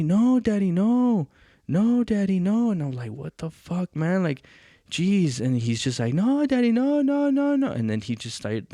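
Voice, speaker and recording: A young adult man with a lowish voice tells a casual story on his podcast. His talk rambles and is full of fillers, chuckles and swearing. The sound is dry and close, with no room echo. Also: darkish tone. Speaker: podcast host.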